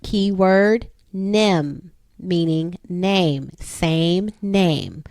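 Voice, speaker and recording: A woman's voice: lowish voice, drawn-out words, darkish tone, no echo. A woman in her thirties, a homeschooling mother, patiently explaining a phonics lesson to her children step by step.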